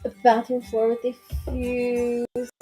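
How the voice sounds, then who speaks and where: High-voiced woman telling a lively story. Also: slow, soft background music. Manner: animated storyteller, laughs often. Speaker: co-host. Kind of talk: casual chat.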